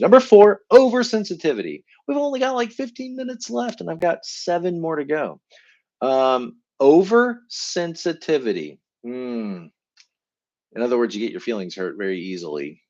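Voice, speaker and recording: A middle-aged man giving a live teaching talk as a coach, animated and acting out what people say in a higher voice. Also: dull audio. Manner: animated, acts out quoted voices in a higher pitch. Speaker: enneagram coach.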